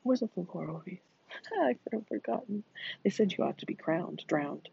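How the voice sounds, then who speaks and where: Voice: medium pitch, expressive, moderate pace, gravelly, slightly rough, full character voice. A narrator voicing a bitter, jealous young wife who mocks in a singsong way, in a dull lo-fi recording. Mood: mocking.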